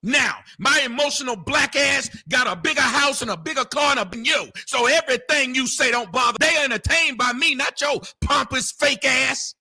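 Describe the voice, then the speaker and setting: Shouting sarcastic man, husky and high. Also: expressive, fairly quick, few pauses, soft background music. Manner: loud, sarcastic, often shouting. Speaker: debate panelist. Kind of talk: heated argument.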